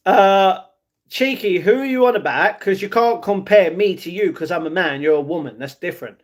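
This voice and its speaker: This young man has a high-pitched, expressive voice and speaks unhurriedly with long pauses. He chats casually on a livestream, reading and answering his chat and often adding "you know what I mean."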